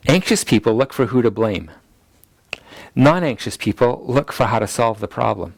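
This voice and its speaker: A man teaching a ministry school lecture in a voice of ordinary pitch. He repeats his main points so they can be written down. The sound is dry and close, with no room echo. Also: expressive, brisk, vocal fry. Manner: acts out people's anxious inner voices in quotes; repeats key points for note-taking.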